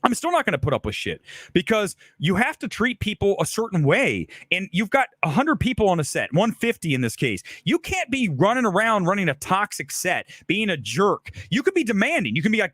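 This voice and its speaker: A man's voice: high-pitched, sing-song, brisk, fairly bright tone, no room sound. A middle-aged man hosting a live film talk show, speaking bluntly and profanely and acting out quoted lines. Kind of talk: live solo commentary, ranting.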